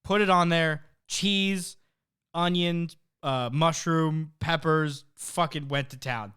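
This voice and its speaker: A man co-hosting a casual podcast, telling a story with lively energy and frequent swearing. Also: on the high side, takes it slowly, clear, resonant tone. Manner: animated storyteller, swears often. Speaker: podcast co-host. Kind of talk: casual chat.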